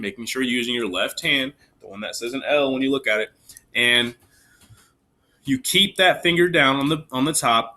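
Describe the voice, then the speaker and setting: A male elementary music teacher guides children through a recorder lesson. His voice is bright and forward at a middle pitch, and he stays patient and reassuring, counting beats aloud and telling them squeaks are okay.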